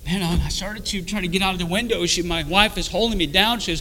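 A man giving an emotional personal testimony, repeating phrases and moving from hushed to loud. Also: high-pitched, fast talker, few pauses, a little hiss or hum. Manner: emotional, repetitive storytelling that swells from hushed to loud.

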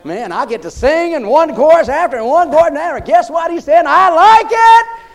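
A man preaching a sermon in a folksy, animated manner. His voice sits high for a man and swings widely in pitch. He keeps checking in with the congregation. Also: fairly quick.

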